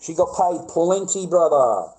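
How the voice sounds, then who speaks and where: A man's voice: on the high side, sing-song, a little slow, darkish tone, rough recording. An Australian man livestreaming and chatting with callers in a rambling, profane, rowdy way. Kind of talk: casual livestream chat with callers.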